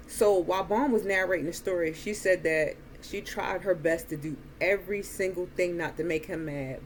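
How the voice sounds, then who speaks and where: A woman recapping a movie in a casual, slow way, with frequent ums. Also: fairly low pitch, slight background noise. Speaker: movie reviewer.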